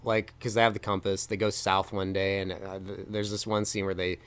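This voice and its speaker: Rambling low-voiced young man. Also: little pitch movement, a little fast, fairly bright tone, smooth. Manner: rambling retelling with many fillers, acting out lines. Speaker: film review podcast co-host. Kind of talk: casual chat.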